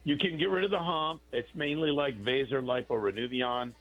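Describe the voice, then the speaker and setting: A man's voice: mid-range voice, fairly even intonation, moderate pace, narrow, tinny audio, faint music behind. A man, a plastic surgeon, talking casually on a radio-style show and explaining procedures plainly, often restarting his sentences.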